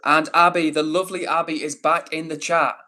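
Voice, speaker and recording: A man's voice: fairly high pitch, little pitch movement, fairly quick, bright, forceful tone. A young Englishman hosting a live stream, reading out viewer comments and greeting each person by name in a friendly, casual way. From England.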